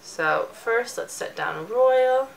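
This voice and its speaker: A woman's voice: a little high, lively intonation, slow pace, vocal fry, poor audio. A young woman giving a chatty, jokey makeup tutorial as a beauty vlogger.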